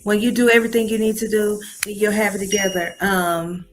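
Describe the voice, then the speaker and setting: A woman's voice: medium pitch, level tone, a little fast, noisy background. A woman hosting a casual livestream, chatty and calling her viewers y'all. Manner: chatty, addresses audience as y'all. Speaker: livestream host.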